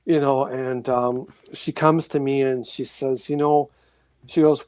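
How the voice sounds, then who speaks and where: A man telling his own experiences as a guest in a casual interview, animated and acting out voices and sounds. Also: mid-range voice, slow pace. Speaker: guest, author and paranormal experiencer.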